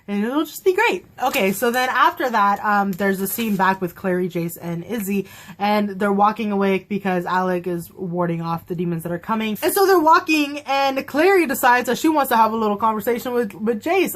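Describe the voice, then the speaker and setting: A young woman giving a casual, gushing review of a TV episode, laughing often and acting out characters' lines. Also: mid-range voice. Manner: bubbly, gushing, laughs often, acts out quotes.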